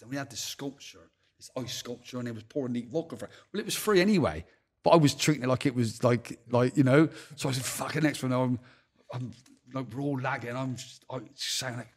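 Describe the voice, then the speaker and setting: Husky Bristol man telling rough stories. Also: mid-range voice. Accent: Bristol English. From England. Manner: swears heavily, acts out dialogue, laughs while telling stories. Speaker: podcast guest. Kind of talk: casual storytelling.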